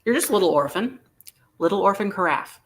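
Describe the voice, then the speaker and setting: A man's voice: sits high, expressive, a little fast. Man, live vintage sale host, playful, theatrical, joking, bid calling. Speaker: live auction seller.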